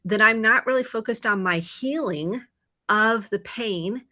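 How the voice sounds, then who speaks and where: A woman therapist with a Midwestern American accent, calmly explaining and acting out inner thoughts in a casual video chat. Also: mid-range voice, a little slow. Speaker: therapist guest. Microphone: video call.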